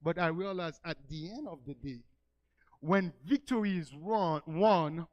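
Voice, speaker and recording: A male pastor telling a personal story in a sermon, rising from quiet storytelling to emphatic preaching cries. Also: fairly high pitch, measured pace, muffled recording.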